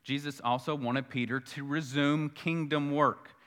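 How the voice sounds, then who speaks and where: A male pastor preaching a sermon earnestly, repeating key phrases and swelling louder on his points. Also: fairly high pitch, steady tone, measured pace, clear, resonant tone.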